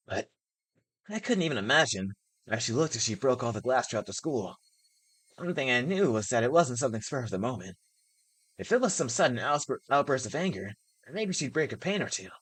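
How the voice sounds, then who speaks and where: A woman's voice: very deep voice, slightly rough, no room sound. A woman streaming a visual novel, narrating its first-person text aloud and laughing at moments. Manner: laughs and reacts excitedly between passages.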